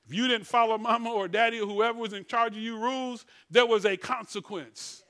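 A middle-aged man preaches in a high, ringing voice. He works the congregation with call-and-response, tossing out "what?" and answering himself. He swings from shouted proclamations down to soft, tender murmurs. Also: steady tone, a little fast. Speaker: pastor. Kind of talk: sermon.

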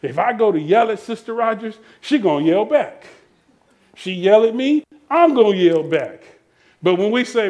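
A man preaching to his congregation in church, throwing out "what?" questions and swinging from shouted peaks to low, quiet stretches. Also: expressive, unhurried. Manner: call-and-response questions, swings between shouting and low murmurs. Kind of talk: sermon.

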